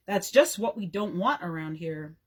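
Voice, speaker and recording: A woman's voice: fairly low pitch, expressive, normal speed. A woman reading aloud as a stern father who speaks bluntly.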